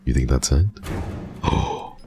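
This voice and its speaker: A man's voice: a bass voice, unhurried, vocal fry, warm tone, soft background music. A man streaming a horror game, chatting playfully to his viewers at a desk mic. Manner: playful, teasing, talks to chat. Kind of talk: casual game commentary.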